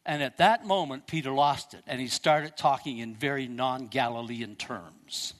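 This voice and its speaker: An older man preaching a sermon, telling a story and swinging between loud and hushed delivery. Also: medium pitch, normal speed, long reverb tail.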